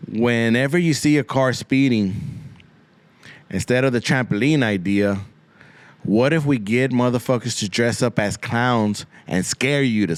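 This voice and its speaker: The speaker is a man with a mid-range voice and no room sound in the recording. Hosting his podcast, he rambles through a foul-mouthed comic bit, mixing Spanish slang into his English.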